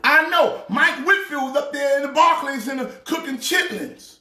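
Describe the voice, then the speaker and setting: A man playing a loud, excitable pastor ranting about sports teams. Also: extremely high pitch, moderate pace, reverberant, exaggerated voice. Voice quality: preachy, shouting rant. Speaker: comedic sports pastor character. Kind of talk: comedic sports rant.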